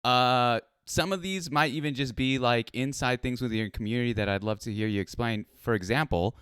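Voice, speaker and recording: A man's voice: mid-range voice, brisk, fairly bright tone, smooth, dry recording, studio quality. A man hosting a casual streamed interview, laid-back and easygoing, with plenty of affirming fillers. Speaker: host.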